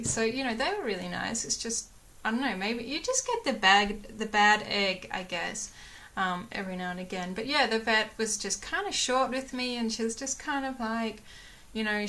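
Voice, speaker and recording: A woman's voice: mid-range voice, normal speed, sharp tone. A young woman chatting casually to her camera at home, rambling with many fillers and acting out what others said. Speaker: vlogger.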